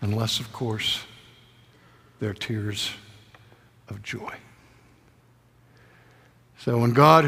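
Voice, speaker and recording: An older man preaching a sermon, telling stories intimately and sometimes dropping to a soft whisper. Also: mid-range voice, big-room sound.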